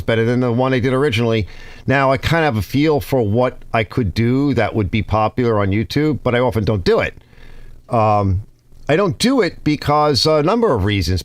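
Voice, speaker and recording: A man's voice: lowish voice, no echo. A man with a New York accent, hosting his own channel, rambling casually to viewers and often restarting his sentences. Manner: rambling, restarts sentences, reads comments aloud. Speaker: YouTube channel host.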